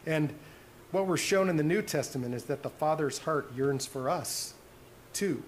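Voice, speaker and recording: A man preaching a sermon as pastor, earnest, dropping to soft hushed tones on tender points. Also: fairly high pitch, normal speed, slight background noise.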